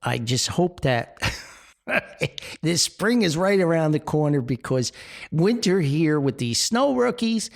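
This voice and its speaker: An older man from New with a gravelly, creaky voice delivers a grumpy podcast rant. His pitch swings widely as he talks, and he sounds exasperated and laughs often. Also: very animated, slow. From Paterson, New Jersey. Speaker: podcast host.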